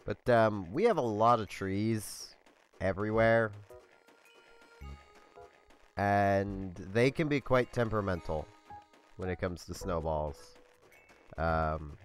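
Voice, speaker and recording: A man's voice: on the low side, slow pace, long pauses, soft background music. A congested man casually commentating his video game play in a chatty, meandering way. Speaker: let's play host.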